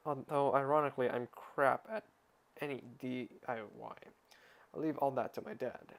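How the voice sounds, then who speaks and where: A man at home reads a novel aloud as a mock audiobook in a middle-pitched voice, keeping fairly even intonation at a moderate pace with some vocal fry. He stumbles over and restarts words, and interrupts the reading with sarcastic, exasperated comments, all in a casual, unpolished delivery.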